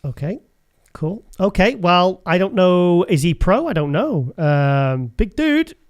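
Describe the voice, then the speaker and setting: A man's voice: high-pitched, big pitch swings, takes it slowly, clean tone. A man hosting a casual show, chatting and rambling as he looks through pictures and laughs often. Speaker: host.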